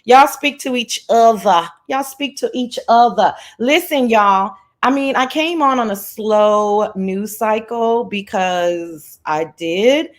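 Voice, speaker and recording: A woman hosting a casual livestream chat from her laptop, sassy and playful, greeting viewers by name in a lively sing-song. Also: on the high side, slow, few pauses. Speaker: livestream host. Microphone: laptop mic.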